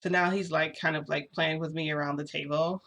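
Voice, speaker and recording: A woman's voice: deep voice, steady tone, brisk, a bit bright. A woman vlogger telling a story in a chatty, rambling way, full of fillers. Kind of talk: casual storytelling vlog.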